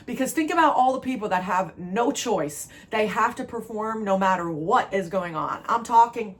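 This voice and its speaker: Speaking at a moderate pace with hardly any pauses, an animated New Jersey woman offers a spiritual pep talk as a tarot reader. She's emphatic, repetitive and emotional to the point of near tears, constantly calling the listener "baby." Her voice sits in the mid-range.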